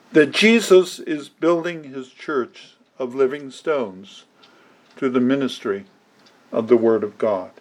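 A pastor preaching a sermon to his congregation, deliberate and emphatic, with the odd dry aside. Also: fairly high pitch.

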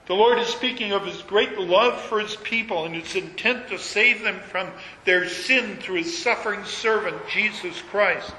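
A man delivers a sermon in a high, bright voice, reading old scripture wording and swelling into emphatic peaks. His words carry into a roomy hall with a long trailing reverb. Faint room ambience sits underneath. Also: moderate pace, hardly any pauses, slight background noise. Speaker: preacher.

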